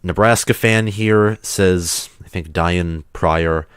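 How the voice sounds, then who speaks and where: Male streamer host, deep voice, under the weather, rambling casual chat, dry close sound. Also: takes it slowly, clear, resonant tone, dry recording. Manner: rambling, chatty, loose restarts. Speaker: livestream host.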